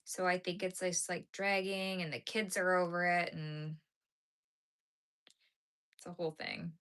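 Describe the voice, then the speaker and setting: A woman's voice: lowish voice, level tone, unhurried, a bit bright. A woman chats loosely with her viewers from home. She sounds worn out and yawns often. Her talk wanders with plenty of fillers and restarts. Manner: tired, rambling, yawning, many fillers. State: tired and yawning. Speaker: crochet streamer. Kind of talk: casual live-stream chat. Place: home, talking to a live chat.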